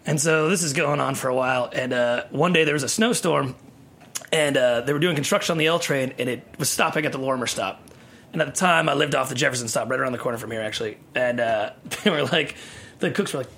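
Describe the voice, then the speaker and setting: A man's voice: mid-range voice, fast talker, a little hiss or hum. A man in his thirties telling stories in a casual studio podcast chat, acting out what others said and laughing often. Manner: animated storyteller acting out quotes, laughing often. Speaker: tequila brand ambassador.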